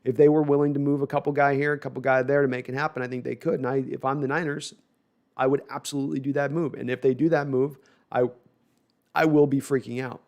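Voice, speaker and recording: A man's voice: mid-range voice, level tone, fast talker, a little mellow. A man hosting a casual live sports talk stream, reading viewer comments and rambling with self-deprecating asides and frequent restarts.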